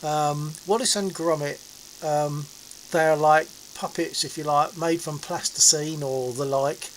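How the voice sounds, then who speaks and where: A man's voice: a little high, steady tone, unhurried, a little hiss or hum, poor audio. A man in his seventies, chatting casually and rambling with livestream viewers from his home sim setup. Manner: rambling, chuckling, self-mocking. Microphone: desk mic.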